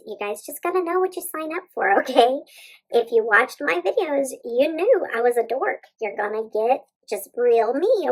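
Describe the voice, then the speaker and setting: Woman vlogger, bubbly and gushing, slightly high voice with a gravelly rasp, casual tutorial chat. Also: poor audio. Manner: bubbly, gushing, talks to viewers as "you guys". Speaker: beauty vlogger. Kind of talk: casual nail stamping tutorial.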